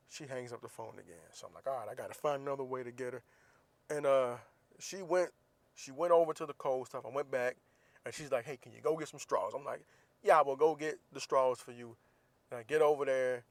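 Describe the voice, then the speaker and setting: With no echo on the audio, a Southern American podcast host in his thirties speaks in a voice on the high side. After spinning a teasing tale and performing its dialogue, he turns sincere and gives heartfelt advice.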